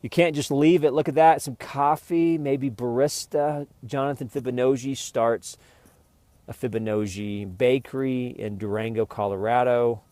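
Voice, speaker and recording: Male vlogger, rambling and jokey, mid-pitched voice, dry close sound. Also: steady tone, unhurried, mellow, no room sound. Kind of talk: rambling improvised vlog.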